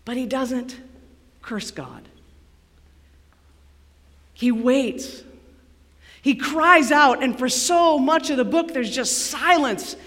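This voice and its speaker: A woman pastor preaching a sermon in a church sanctuary, dramatic and dropping to a near hush for emphasis. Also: high voice, expressive, takes it slowly, pauses often. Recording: long reverb of a large hall.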